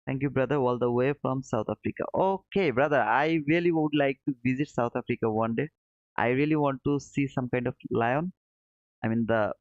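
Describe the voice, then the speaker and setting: Gravelly man teaching trading. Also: mid-range voice, dry recording. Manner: friendly, calls viewers brother, thinks aloud while charting. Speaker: trading stream host. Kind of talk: live trading commentary reading chat. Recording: dull lo-fi dry sound.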